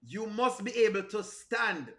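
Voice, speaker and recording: A Jamaican man with a high, bright voice talks through a reaction in a playful, teasing way. He keeps it comedic and often slips into bits of song. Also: lively intonation, a little slow. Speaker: reaction video host.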